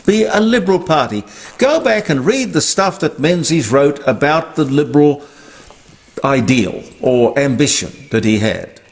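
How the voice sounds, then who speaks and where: In an opinionated monologue, an older man from Australia offers emphatic, indignant political commentary. His fairly high voice is very animated, though he keeps a measured pace.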